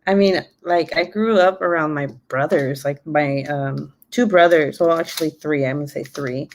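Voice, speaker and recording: This twenty-something YouTuber has a low-pitched voice and speaks at a moderate pace. She's loose and casual on her live stream, laughing frequently and cussing without restraint.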